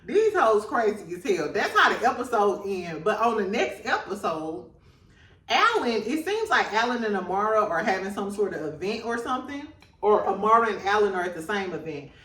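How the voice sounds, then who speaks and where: A woman's voice: very animated, moderate pace, a bit bright, echoey room, recorded from a distance. A woman hosting a reality TV recap in casual chat, laughing often and talking in slang and gossip. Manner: laughs a lot, gossipy, slangy, mimics people in high voices.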